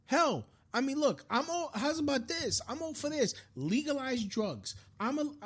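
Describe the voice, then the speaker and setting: A man's voice: very high-pitched, very animated, moderate pace. Frustrated man ranting on a podcast. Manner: frustrated, profane, restarts often. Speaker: podcast host. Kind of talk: live-streamed political rant.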